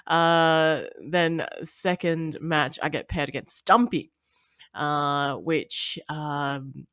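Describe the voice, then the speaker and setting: A woman co-hosting a podcast. She tells stories in a casual, animated way, acts out what other people said, and breaks into loud laughter often. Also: low voice, extremely slow, clear, resonant tone, no echo, clean studio sound. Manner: giggly, laughs loudly and often; animated storytelling with quoted voices. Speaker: podcast co-host. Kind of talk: casual chat.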